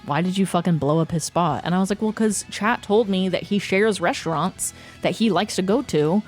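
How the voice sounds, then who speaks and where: A livestream host with a lowish voice speaks at a moderate pace over faint background music. She chats casually with her viewers, swears freely, and fusses over her pet.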